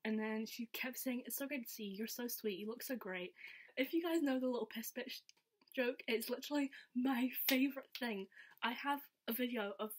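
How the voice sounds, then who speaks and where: A young woman telling a story in a casual, excited, chatty vlog style, full of "like" fillers. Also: on the high side, slightly rough. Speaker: vlogger.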